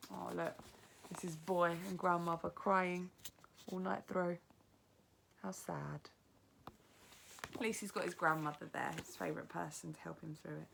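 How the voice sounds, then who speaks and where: Woman teacher, storybook read-aloud with chatty explanations, bright tone, a little fry. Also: deep voice, level tone, moderate pace. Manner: explains words gently, chatty asides. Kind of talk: reading aloud to a class.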